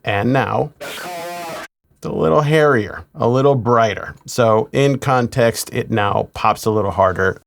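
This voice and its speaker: A man working as a mix engineer, walking through a studio mixing tutorial in a relaxed, explanatory way. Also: mid-range voice, slow, vocal fry, soft background music. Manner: relaxed, explanatory, chuckles now and then.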